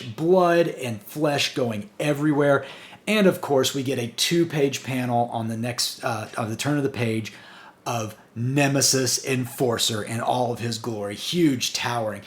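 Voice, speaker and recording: A man hosting a review channel, retelling a comic's plot in a casual, excited way with frequent chuckles. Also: mid-range voice, unhurried.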